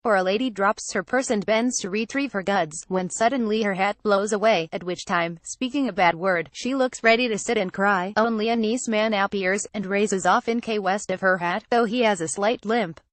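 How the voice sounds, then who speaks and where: A woman's voice: mid-range voice, normal speed, few pauses, no echo. A woman narrating an audiobook in an earnest, naive first-person storytelling manner.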